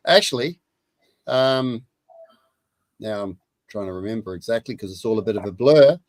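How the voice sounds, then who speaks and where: An Australian man in his sixties telling a story in casual chat, lively and repeating his words as he goes. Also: lowish voice, moderate pace, no echo, low-quality recording. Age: 60s. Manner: animated anecdote teller, repeats words.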